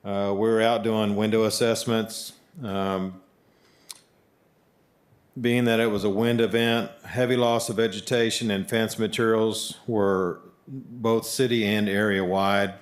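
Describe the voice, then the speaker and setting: A man on city staff giving a formal report to a council, measured and pausing often on "uh". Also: lowish voice. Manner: measured, with frequent "uh" pauses. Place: council chambers.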